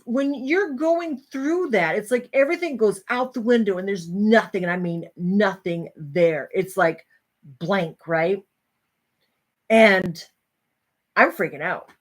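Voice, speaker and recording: A middle-aged woman host telling a personal story to an audience, animated and acting out the voices of others. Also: mid-range voice, unhurried.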